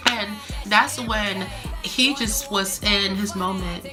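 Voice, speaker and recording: A young adult woman vlogger telling a story in a chatty, animated way, full of fillers. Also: mid-range voice, slow, music in the background. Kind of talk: casual storytime.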